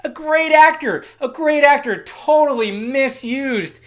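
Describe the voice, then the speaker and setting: A young adult film reviewer giving a casual, ranting review, profane and excitable, swinging from low muttering to loud shouting. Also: a little slow.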